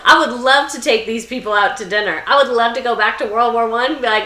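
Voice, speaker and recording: A woman's voice: fairly high pitch, normal speed, sharp tone, reverberant, low-quality recording. A young woman hosting a comedic history commentary, irreverent and swearing, with sarcastic asides and mocking voices. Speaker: video essay host. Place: room under bright lights.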